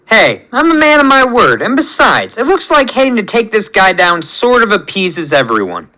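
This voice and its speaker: A man's voice: high voice, huge pitch swings, normal speed, sharp tone, pitched above the performer's own voice, heavily acted, poor audio. A man doing an easygoing space captain. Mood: upbeat. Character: easygoing male space team leader.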